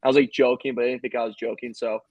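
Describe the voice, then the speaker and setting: A man's voice: mid-range voice, flat delivery, very fast, dry recording, dull audio. A man co-hosting a sports podcast, telling rambling, joking stories in casual chat. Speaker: podcast co-host.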